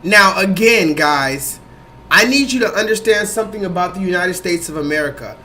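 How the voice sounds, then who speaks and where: A man hosting a livestream, talking loosely and profanely to his chat in a rambling, animated way. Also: high voice, moderate pace, slight background noise. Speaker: livestream host. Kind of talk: livestream commentary.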